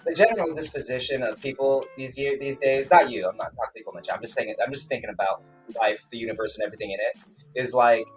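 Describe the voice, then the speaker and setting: A man's voice: mid-range voice, fast talker, soft background music. A man on a casual livestream, ranting in a heated, profane, rambling way with many restarts. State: angry, then calming down. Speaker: streamer, self-published author.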